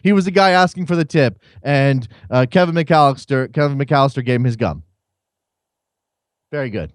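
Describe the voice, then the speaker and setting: A man's voice: medium pitch, fairly quick, smooth, no echo. A man hosting a soccer call-in show in a radio studio, chatting casually in a wry, rambling way and often repeating words. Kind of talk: casual chat.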